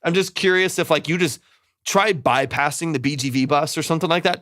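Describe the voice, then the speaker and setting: This man, a music producer, gives relaxed, hedging live feedback on a mix, repeating himself and humming parts with da-da sounds. His voice sits on the high side with a fairly bright tone, and the studio sound is clean with no room echo.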